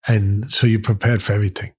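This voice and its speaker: A middle-aged man with a lowish, husky voice speaks fast and flatly. He's a boxing trainer and commentator guesting in a conversation, telling stories and repeating phrases for weight.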